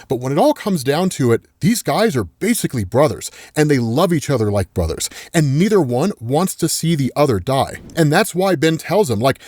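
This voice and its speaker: Animated, chatty man recapping comics. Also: fairly high pitch, normal speed, few pauses, no echo. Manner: chatty, fills with "like" and "right"; gets excited retelling big moments. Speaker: comic book recap host. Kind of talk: casual spoken comic recap.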